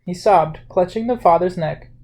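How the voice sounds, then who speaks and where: A storyteller reads a novel aloud in a plain, unhurried way. The voice sits at a mid pitch and stays even. Now and then a word slips and gets corrected. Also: rough recording. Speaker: audiobook narrator. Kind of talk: storybook reading.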